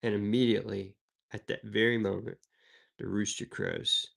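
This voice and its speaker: A man's voice: fairly low pitch, level tone, moderate pace, creaky, a bit bright. A man from the American South reading Bible passages aloud and explaining them in an easygoing, conversational teaching style. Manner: reads verses then explains them, conversational asides. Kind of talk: devotional Bible reading and commentary.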